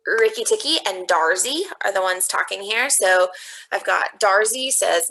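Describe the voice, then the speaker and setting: A woman's voice: mid-range voice, lively intonation, measured pace, creaky, bright, forceful tone, poor audio. A woman teacher walking students through a recorded online lesson, thinking aloud step by step as she types. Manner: thinks aloud step by step, explaining her reasoning.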